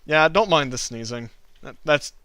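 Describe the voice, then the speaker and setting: A man's voice: fairly high pitch, animated, normal speed, bright, forceful tone, clean tone, no echo. A man hosting a drawing livestream, chatting casually with his viewers and often laughing. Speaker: livestream host, cartoonist. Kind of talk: casual chat while drawing.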